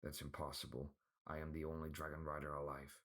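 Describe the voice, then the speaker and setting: A man voicing a furious male dark wizard with a dark voice, speaking slowly and with menace in a storybook reading. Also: extremely low pitch, monotone. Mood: menacing. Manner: slow, menacing.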